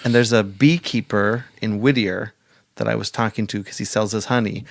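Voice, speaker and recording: A man's voice: lowish voice, normal speed, vocal fry, no echo. A man co-hosting a podcast in casual chat, adding dry, sarcastic remarks and short asides. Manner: deadpan, sarcastic quips. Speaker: podcast co-host.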